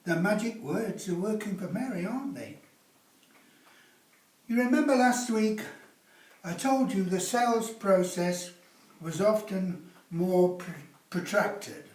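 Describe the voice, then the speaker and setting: A man's voice: high-pitched, darkish tone. A man teaching a sales class, lecturing with teasing rhetorical tag questions. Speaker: sales instructor. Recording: roomy, from a distance.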